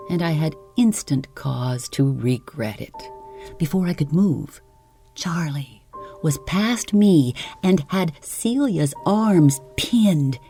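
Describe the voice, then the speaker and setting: Slow, soft-spoken woman sleep storyteller. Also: sits low. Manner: soft and calm. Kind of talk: slow bedtime story reading.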